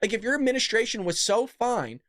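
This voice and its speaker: Sarcastic male commentary host, lively pitch. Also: a little fast, no room sound, clean studio sound. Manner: mocking, sarcastic. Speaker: show host. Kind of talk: casual political commentary.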